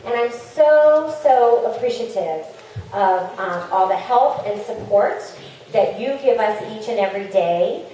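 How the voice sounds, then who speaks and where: A woman on the school staff acting as emcee, making ceremony announcements in a halting way with many ums. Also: medium pitch, animated, dark tone. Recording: echoey hall from far off, noisy.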